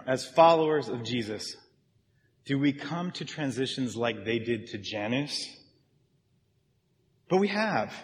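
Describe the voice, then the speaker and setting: A man, a pastor, giving a sermon in a conversational style and talking directly with his congregation. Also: mid-range voice. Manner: conversational preaching that engages the congregation. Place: church. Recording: long reverb of a large church hall.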